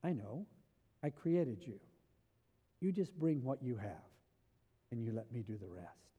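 A man preaching, voicing Jesus with a soft, tender, reassuring tone. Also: mid-range voice, sing-song, unhurried, husky, narrow, tinny audio, pitched below the performer's own voice. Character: gentle, calm reassuring Jesus, adult man. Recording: reverberant hall.

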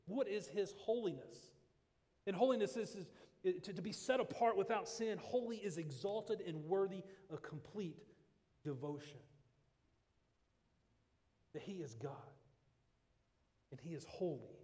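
Male pastor, higher-pitched, earnest halting sermon delivery, reverberant hall. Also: animated, warm tone. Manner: earnest preaching with repeated restarts.

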